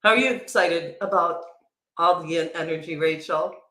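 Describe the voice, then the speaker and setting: A woman teacher speaking as a guest on a livestream, slow, dreamy and soft-spoken. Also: lowish voice, echoey room, low-quality recording. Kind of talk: livestream casual chat.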